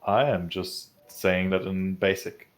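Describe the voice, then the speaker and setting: A man playing in an online tabletop role-playing game, calmly asking questions in character. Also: low voice, slow pace, soft background music. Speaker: player. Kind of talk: tabletop role-play chat.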